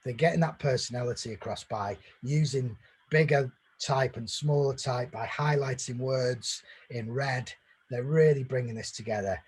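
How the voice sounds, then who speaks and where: A man's voice: medium pitch, moderate pace, darkish tone, slightly rough. A man giving a conversational marketing presentation, explaining at length with fillers and restarts.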